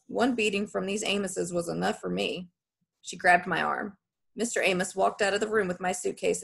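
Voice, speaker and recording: Woman narrator, folksy first-person storytelling, husky tone. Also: medium pitch. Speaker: audiobook narrator.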